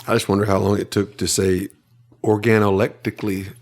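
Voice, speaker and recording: A man's voice: deep voice, little pitch movement, fast talker. A man co-hosting a podcast, teasing the others and laughing a lot. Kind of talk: casual podcast chat.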